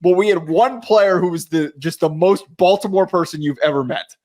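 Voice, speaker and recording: Co-host: young American man, slightly high-pitched, loud and excitable, casual sports chat. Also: moderate pace. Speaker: podcast co-host.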